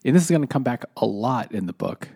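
A man's voice: mid-range voice, expressive, fast, vocal fry, mellow, breathy edge. A man talking casually about a book as a podcast co-host, rambling with many restarts and fillers, and laughing easily. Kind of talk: casual chat.

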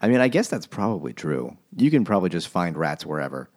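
Deep-voiced wry man on a book podcast. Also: quick pace. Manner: wry, deadpan asides, swearing. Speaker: podcast co-host. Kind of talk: casual book-club chat.

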